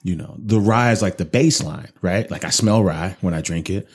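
Podcast co-host, male, very low husky voice, loose profane rambling chat. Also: fairly quick. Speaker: podcast co-host reviewing whiskey. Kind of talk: casual chat.

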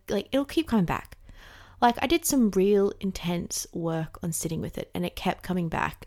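A woman with a gravelly, fry-laced voice talks in a candid, chatty way. Her pitch sits in an ordinary middle range. She fills her speech with casual fillers and the odd swear word. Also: a little mellow. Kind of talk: casual reflective monologue.

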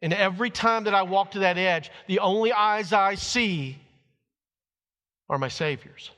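A man's voice: high-pitched, unhurried, sharp tone, big-room sound. A middle-aged man preaching to his church, telling a family story in a folksy way and acting out what people said. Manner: folksy storytelling, acts out quotes. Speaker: pastor. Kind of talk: sermon with personal stories.

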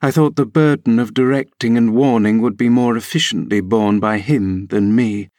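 A man's voice: mid-range voice, steady tone, moderate pace, darkish tone, dry recording, clean studio sound. Man reading a classic novel aloud. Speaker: audiobook reader. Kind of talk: scripted narration.

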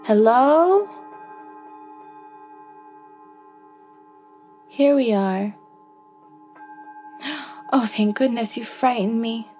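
A woman's voice: fairly high pitch, slow. A woman voicing a playful, stubborn young female antelope in a musical bedtime story, bubbly and coaxing with whoops and giggles. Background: soft music with chimes.

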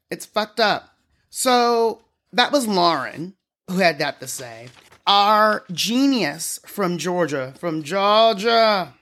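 A woman hosting a solo political podcast, sarcastic and given to loud mocking bursts. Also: sits low. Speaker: podcast host.

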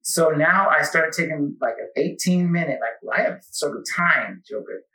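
A man's voice: on the high side, moderate pace. A man, a podcast host taking guest questions, chatting casually and rambling with lots of asides. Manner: rambling, animated storytelling with many asides. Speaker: podcast host being interviewed. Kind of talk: casual conversation. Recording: echoey room, mic at a distance.

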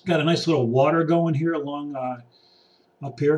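Man, rambling sarcastic rant, fairly high voice, outdoors, a bit far from the mic. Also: fairly even intonation, normal speed, darkish tone. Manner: ranting, sarcastic, acts out impatient people. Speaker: vlogger. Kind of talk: casual rambling monologue. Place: outdoors by water.

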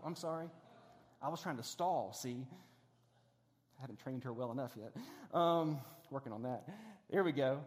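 The speaker is a middle-aged pastor preaching in a large church, doing a demonstration on stage while talking conversationally. He pokes fun at himself and restarts often. His voice is a little high, and the recording has long hall reverb.

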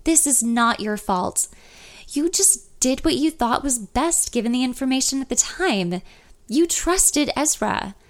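A woman's voice: high voice, lively intonation, voice pushed up. Woman reading as a bold, reassuring best friend. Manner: reassuring, brisk.

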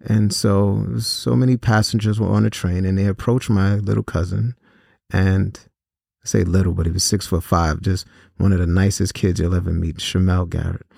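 A man with a low, gravelly voice and a dark, mellow tone tells a personal story to young listeners. He talks earnestly and at a measured pace, often pausing on small fillers. The sound is dry and close, with no room around it. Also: fairly even intonation, no echo. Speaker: host and speaker on violence prevention. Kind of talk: personal storytelling talk to students.

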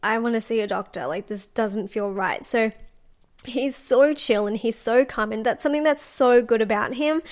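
A woman's voice: fairly high pitch, moderate pace. A young woman, telling a personal story in a chatty, casual podcast style. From Australia. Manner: chatty, animated, lots of "like" and acted-out quotes. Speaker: podcast host.

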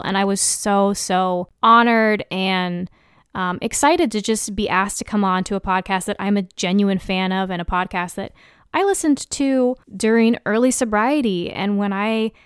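A woman's voice: mid-range voice, fairly even intonation, moderate pace, clean tone, no room sound, studio quality. A young adult woman hosting a solo podcast in a candid, self-deprecating style, acting out the dialogue she quotes. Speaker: podcast host. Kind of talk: casual solo podcast monologue.

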